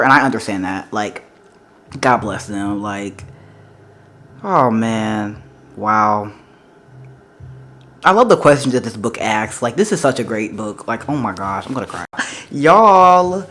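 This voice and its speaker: A man vlogging casually about a book he is rereading, gushing and excitable, full of "like" and "y'all". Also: mid-range voice, measured pace, pauses often. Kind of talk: casual reading vlog. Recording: roomy echo.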